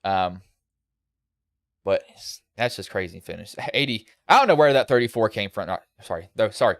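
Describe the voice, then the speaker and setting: A man's voice: fairly low pitch, lively intonation, moderate pace, no room sound, clean studio sound. A male sim racing broadcaster with a slight country lilt, giving a casual, rambling post-race recap over a headset.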